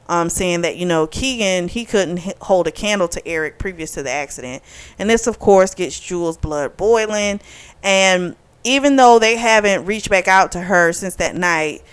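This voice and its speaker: A woman reviewing a book in a casual vlog. She retells the plot frankly with swearing and lively asides, and acts out the characters' lines in animated bursts. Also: fairly low pitch, smooth. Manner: candid, profane, opinionated retelling.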